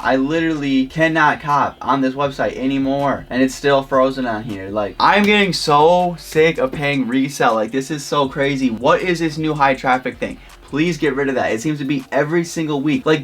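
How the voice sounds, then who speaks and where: A man's voice: mid-range voice, fairly bright tone. A young man vlogging casual live commentary, frustrated and pleading as he talks.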